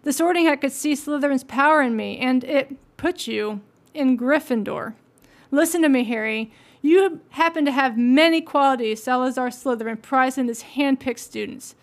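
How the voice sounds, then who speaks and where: Calm wise old wizard headmaster, read by a woman, high voice, even storybook reading. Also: moderate pace. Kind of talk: audiobook-style reading aloud.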